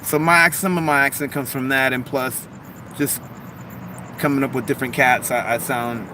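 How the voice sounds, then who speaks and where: A man with a mixed Long Beach, Los Angeles accent, chatting casually on a live stream, reading comments aloud in a rambling, animated way full of "like" and "man.". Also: mid-range voice, moderate pace, a little hiss or hum. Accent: Long Beach, Los Angeles mix. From Los Angeles harbor area, USA.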